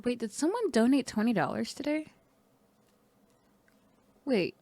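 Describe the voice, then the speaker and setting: Crude joking woman, gravelly low tone. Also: very animated, unhurried, long pauses, dark tone. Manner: crude, joking, often half-whispered. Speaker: streamer. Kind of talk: casual live-stream chat.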